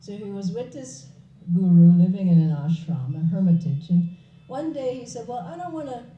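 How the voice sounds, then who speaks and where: A woman giving a public spiritual talk, an animated storyteller who laughs along with her own story. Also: lowish voice, moderate pace. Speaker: spiritual speaker. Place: hall. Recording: echoey hall, distant, dull.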